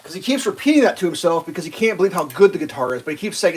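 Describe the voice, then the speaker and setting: A man's voice: fairly high pitch, big pitch swings, very fast, darkish tone, breathy edge. Casual, swearing man telling a long story. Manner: swears freely, acts out quotes in a raised voice. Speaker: live streamer. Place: home kitchen while cooking.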